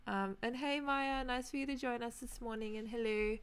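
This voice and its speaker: Chatty Australian woman with light vocal fry. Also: mid-range voice, fairly even intonation, quick pace, hardly any pauses, fairly bright tone. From New Zealand, raised in Australia. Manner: chatty, greets viewers by name. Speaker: gaming streamer. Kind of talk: casual live-stream chat.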